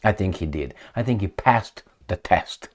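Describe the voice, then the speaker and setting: A man hosting a solo political commentary, talking in an animated, mocking way with frequent restarts. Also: sits low, normal speed.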